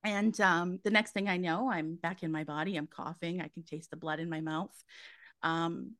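A woman's voice: on the low side, fairly even intonation, normal speed, fairly bright tone, dry recording. A woman, a guest medium telling her story in a casual interview, chatty and full of fillers. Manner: chatty, many fillers and restarts.

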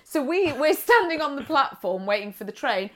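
A woman co-hosting a chatty podcast, telling a story with gushing enthusiasm. Her voice sits high. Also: sing-song, normal speed. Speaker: podcast co-host. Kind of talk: casual chat.

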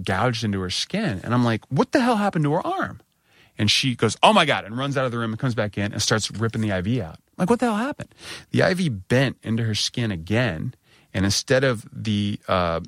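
A man telling a long personal story in casual chat, raspy from a cold and animated, jumping his voice up high when he quotes people. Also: dry recording, studio quality. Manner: animated, acts out quoted lines in a higher voice.

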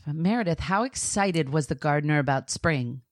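Low-voiced woman hosting a chat. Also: lively intonation, normal speed, no echo, studio quality. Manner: wry, teasing, puns. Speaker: podcast host. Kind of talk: casual chat.

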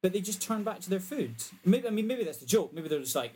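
A man's voice: sits high, big pitch swings, fast, dark tone, husky. A man in casual chat, often laughing as he retells film scenes.

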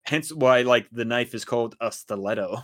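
In a medium-pitched, fairly bright voice at normal speed, this podcast co-host meanders through casual conversation, often restarting and filling pauses.

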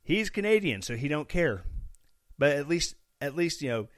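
A young man from Missouri, USA, hosts a casual solo podcast, rambling and joking with sarcastic asides. His slightly high voice has a sing-song lilt at normal speed, recorded in clean studio quality with no room sound.

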